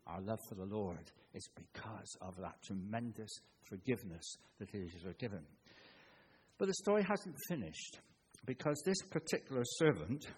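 A man's voice: medium pitch, slight background noise. An older man preaching a sermon in a conversational manner that rises into emphatic bursts.

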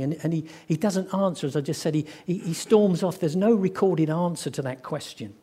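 Preacher with a mellow, fairly high voice. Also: male voice, husky. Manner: storytelling, acts out quoted voices, slows for emphasis. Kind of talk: sermon.

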